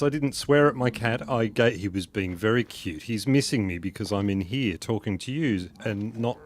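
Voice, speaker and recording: This mid-range male voice, heard over slight background noise, belongs to a live streamer casually commenting as he plays a game. He banters with viewers and often laughs at his own jokes.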